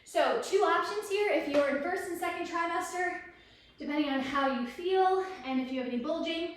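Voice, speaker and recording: A woman's voice: very high-pitched, moderate pace. A young woman leading a prenatal workout, counting reps and cheering the listener on while a little out of breath. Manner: encouraging, counts reps aloud. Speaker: prenatal fitness instructor. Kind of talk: guided workout instruction. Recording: very echoey room, from a distance.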